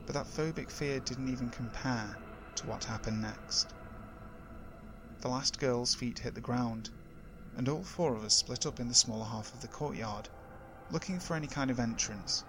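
A man reading first-person horror stories aloud in a measured, steady voice that drops low for suspense. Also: vocal fry, music in the background. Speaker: horror story narrator. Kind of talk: scripted horror narration.

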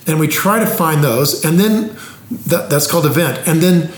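A man's voice: fairly high pitch, expressive, moderate pace, slight background noise. Man explaining investing in an echoey room. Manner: plain-spoken, teacher-like, explains with examples. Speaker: investing expert. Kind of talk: casual explanatory conversation. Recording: roomy echo.

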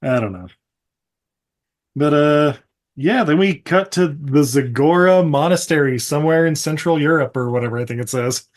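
A man's voice: on the high side, moderate pace. A man hosting a podcast, casually recapping a movie with lots of laughs and swearing, slipping into silly character voices. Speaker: podcast host.

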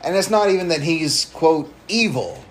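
A man co-hosting a casual podcast, rambling and swearing freely as he pitches ideas. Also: animated, slight background noise. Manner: profane, rambling, acts out promos in quick voices. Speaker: podcast co-host.

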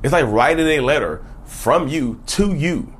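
Husky, animated man giving advice. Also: on the high side, unhurried. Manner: emphatic, preachy, piles up rhetorical questions. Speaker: self-help YouTuber. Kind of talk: casual direct-to-camera advice talk.

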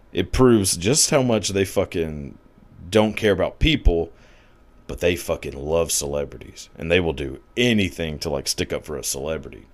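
A man delivering a crude, sarcastic comedic rant, swearing freely and leaning on "like" as filler. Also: sits low.

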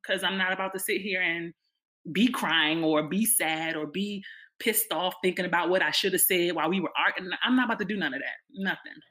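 A woman's voice: fairly low pitch, a little fast, bright, forceful tone. A woman in a casual group chat, talking emphatically and bluntly.

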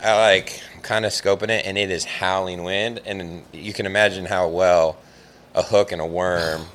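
A man telling a long fishing story in casual chat, rambling and animated, with lots of "like" fillers. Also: deep voice, moderate pace, a little hiss or hum. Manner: rambling, animated, heavy use of "like".

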